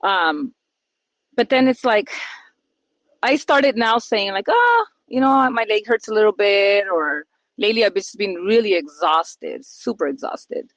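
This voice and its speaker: A woman's voice: medium pitch, very animated, unhurried, a bit bright, no echo, lo-fi sound. Woman podcast host, dry close mic, chatty and open, does little voices when quoting people. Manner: open, emotional, acts out quoted voices. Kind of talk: casual podcast chat.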